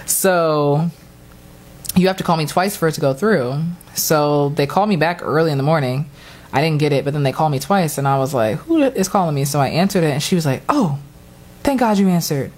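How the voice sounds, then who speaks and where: Low-voiced woman telling a story casually. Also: fairly quick. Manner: animated storyteller, acts out quotes with high squeals and laughs. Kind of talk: casual chat.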